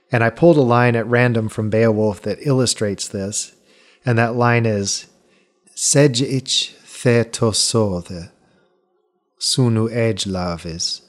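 A man's voice: mid-range voice, fairly even intonation, normal speed. A man hosting a podcast, earnestly explaining and correcting his own past mistakes in a careful monologue. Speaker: podcast host.

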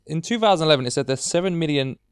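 A man's voice: on the high side, expressive, rapid-fire, clear, resonant tone, no echo, clean studio sound. A man co-hosting a casual chat podcast, telling rambling, self-mocking stories. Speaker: podcast co-host.

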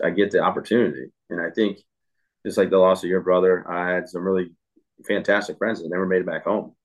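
A low-voiced man in his thirties talks casually in an interview. He rambles a little, restarting his sentences, but speaks earnestly and openly. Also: poor audio. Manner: earnest, rambling, self-correcting with frequent fillers and laughs. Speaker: podcast guest.

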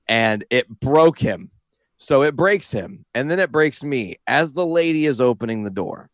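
A man's voice: mid-range voice, expressive, normal speed, dry recording, clean studio sound. A young man telling a rambling, profane story in casual chat, often breaking into laughter as he talks. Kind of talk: casual anecdote.

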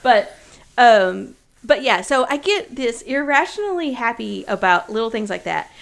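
A chatty woman in her thirties, co-hosting a relaxed conversation. Her voice sits a little high, and she talks animatedly, laughing often as she tells everyday stories. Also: normal speed, vocal fry. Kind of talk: casual chat.

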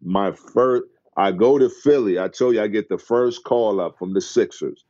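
A middle-aged man telling stories as a podcast guest, acting out quotes excitedly. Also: normal speed, dry recording, dull audio. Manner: excited storyteller who acts out quotes in a high voice. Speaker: guest, former basketball player. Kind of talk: animated storytelling in a podcast interview.

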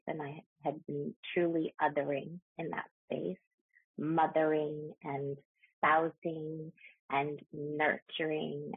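A woman in a podcast conversation, speaking reflectively and slowing down at emotional points. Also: sits low, vocal fry, slightly rough, no echo. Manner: reflective, slows down when emotional. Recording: tinny phone-like line.

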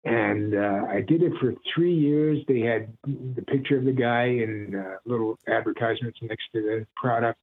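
A husky middle-aged man from Ohio, USA, speaks over a tinny phone line at medium pitch and normal speed with few pauses. He's a voice actor guesting on an interview, telling stories casually, animated and quick to chuckle or slip into impressions.

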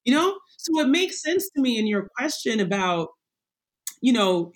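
A woman in her forties, a guest in a conversational interview, talking in an animated, emphatic way and acting out little voices as she goes. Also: a little high, unhurried, low-quality recording.

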